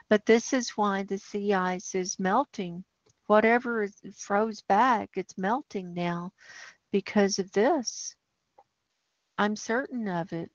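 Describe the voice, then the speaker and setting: Slow-talking alarmed woman livestreaming. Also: medium pitch, dry recording, muffled recording. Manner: alarmed, ranting, talks over a map. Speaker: livestream host. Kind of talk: livestream commentary on data maps.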